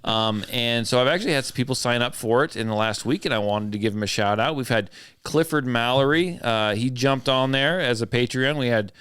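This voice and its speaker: A man's voice: medium pitch, brisk, fairly bright tone, smooth, dry recording, clean studio sound. A man hosting a podcast in casual chat, loose and joking about himself. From southern Idaho. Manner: loose, joking, self-deprecating. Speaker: podcast host.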